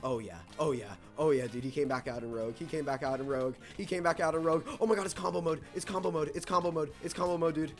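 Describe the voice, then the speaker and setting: A young man giving live commentary on a game, excitable, switching between nervous muttering and loud outbursts, saying "dude" and "bro" all the time. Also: on the high side, fast, few pauses, faint music behind. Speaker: gaming YouTuber.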